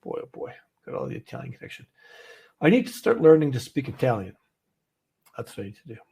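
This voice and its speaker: This Canadian trading-stream host talks fast from an office, his medium-pitched voice swinging widely in pitch, with vocal fry, a dark tone and a breathy edge. The livestream chat is casual and rambling, full of fillers and easy laughter.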